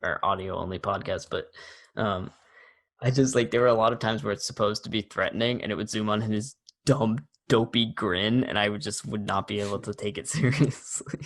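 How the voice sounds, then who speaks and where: A man with a somewhat low voice talks casually with his co-host, often breaking into laughter. He retells movie scenes with playful energy. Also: normal speed, fairly bright tone. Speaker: podcast co-host. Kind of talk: casual chat.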